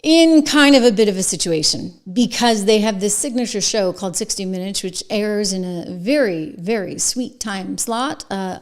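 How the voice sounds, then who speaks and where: A woman delivers news commentary in a mid-range voice. She talks with emphatic, sarcastic asides, leaning hard on her points. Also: mid-range voice. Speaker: host.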